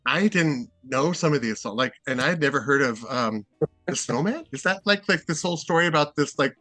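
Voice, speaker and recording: A man's voice: a little high, animated, a little fast, sharp tone, dry recording, faint music behind. A middle-aged man from Seattle, a guest in a casual interview, rambling and hesitant with many fillers and restarts. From Seattle, USA.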